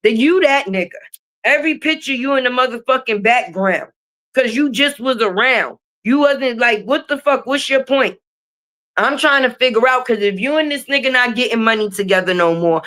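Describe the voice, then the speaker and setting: A young adult woman streamer, ranting on a livestream in a profane, confrontational, animated way. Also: on the high side. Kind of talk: livestream rant. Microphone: streaming mic.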